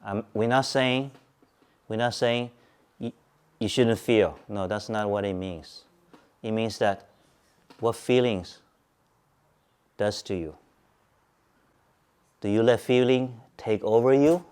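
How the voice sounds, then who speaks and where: A man teaching Buddhism at a Zen centre, speaking calmly, repeating points and asking his listeners questions. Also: lowish voice, slow, long pauses, clean tone. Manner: calm, repetitive, asks listeners questions. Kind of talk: Dharma talk to a group.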